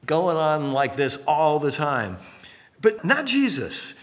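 A man preaching a conversational sermon with a bright, ringing voice that sits a little higher than most men's. He tells the story like a chat with his congregation and acts out the quotes. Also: slow. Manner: lively storytelling with acted-out quotes and asides. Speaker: pastor.

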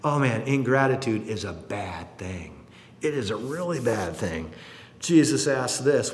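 Animated preacher in an echoing hall. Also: male voice, mid-range voice, measured pace. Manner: animated, acts out quotes. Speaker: pastor. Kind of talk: sermon. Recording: roomy hall reverb.

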